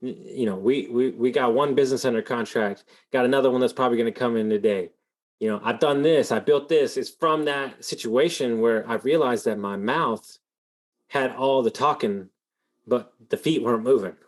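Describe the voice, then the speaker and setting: A man hosting a podcast, telling a story in a rambling, animated way, full of fillers and swearing. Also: medium pitch, normal speed. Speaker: podcast host. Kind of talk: casual storytelling in an interview.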